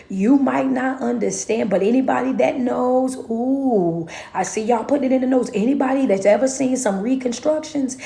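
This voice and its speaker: A woman's voice: high voice, moderate pace, vocal fry, hardly any pauses, dark tone, echoey room. A woman motivational speaker and life coach, giving a preachy, folksy talk that repeats and chants phrases and calls listeners "baby" and "y'all". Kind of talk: motivational live-stream talk.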